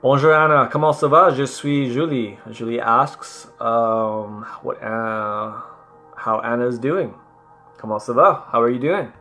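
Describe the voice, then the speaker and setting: A man's voice: medium pitch, music in the background. A man giving casual, playful commentary as he works through language app lessons, laughing at himself and sounding out French words. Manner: reads French words aloud slowly. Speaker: language learner vlogger.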